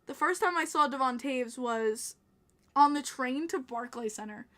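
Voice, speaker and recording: A young Long Island woman hosting a podcast speaks in a high, slightly bright voice at a measured pace. She shares stories in casual, bubbly chat, with frequent laughter.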